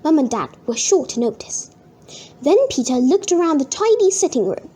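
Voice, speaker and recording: Bright, expressive storybook reader; a woman with a high, lively voice. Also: moderate pace. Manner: expressive, sing-song. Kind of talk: reading a children's book aloud.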